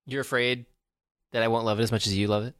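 A man co-hosting a casual podcast, rambling through jokes with plenty of fillers and restarts. His voice sits at an ordinary middle pitch and is recorded close and dry, with no room sound. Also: fast talker, clean tone, no echo. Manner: rambling, animated, jokey, lots of fillers and restarts. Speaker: podcast co-host. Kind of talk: casual chat.

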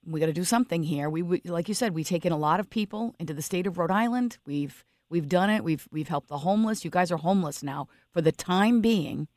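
A woman's voice: fairly low pitch, fairly quick, few pauses, darkish tone, no room sound, clean studio sound. A woman hosting a radio talk show, speaking sympathetically and emphatically, often restarting her sentences.

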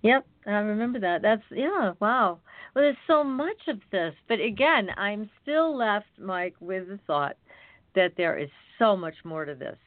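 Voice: medium pitch, sing-song, measured pace, no room sound. A show host interviewing a guest, offering brief affirming reactions and then asking follow-up questions. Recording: tinny dry phone line.

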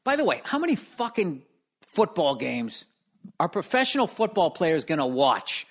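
A middle-aged man hosting a podcast from his home, rambling loudly and profanely and losing his train of thought. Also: fairly high pitch, sing-song, moderate pace. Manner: profane, loud, easily sidetracked. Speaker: podcast host. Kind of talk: rambling comedic monologue. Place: room at home.

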